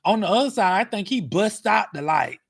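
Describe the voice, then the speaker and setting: Animated man telling a car story. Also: sits high, a little fast, gravelly, slightly rough. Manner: animated, dramatic, acts out scenes with cries and shouts. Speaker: vlogger. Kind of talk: casual storytelling to camera. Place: parked car.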